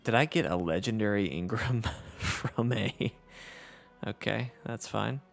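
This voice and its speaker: A man's voice: on the low side, a little slow, gravelly, faint music behind. A man with a Southern US accent hosting a casual gameplay livestream, reading chat aloud in an easygoing, self-deprecating way. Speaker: livestream host.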